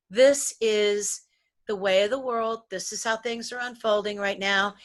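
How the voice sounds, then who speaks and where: A woman's voice: mid-range voice, a bit bright. A middle-aged American woman and psychologist co-hosting a wellness show, talking in an earnest, preachy way and often repeating words as she starts sentences. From United States. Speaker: podcast co-host, psychologist. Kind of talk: motivational wellness chat.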